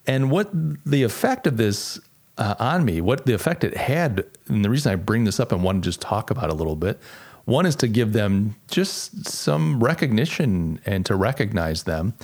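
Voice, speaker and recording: A middle-aged man's voice sits on the low side, darkish, with big pitch swings at a normal speed. He's hosting a casual solo podcast, reflecting as he goes and frequently starting over.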